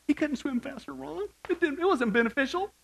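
A man preaching a sermon as pastor, animated and joking, asking the crowd rhetorical questions. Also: very high voice, fairly quick, creaky.

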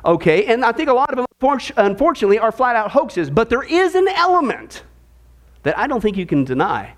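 A male pastor preaching a sermon in an animated, sarcastic way, often repeating his phrases. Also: extremely high pitch, brisk.

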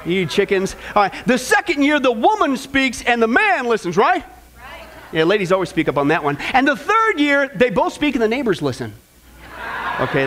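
A pastor preaching a sermon, telling an animated story with stammering repeats and quizzing the congregation as he goes. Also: very high voice.

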